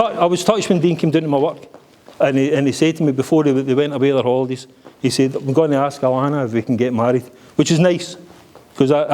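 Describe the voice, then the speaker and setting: A man's voice: on the high side, darkish tone. A middle-aged Scottish man giving a joking, blunt father-of-the-bride speech at a wedding reception, swearing freely.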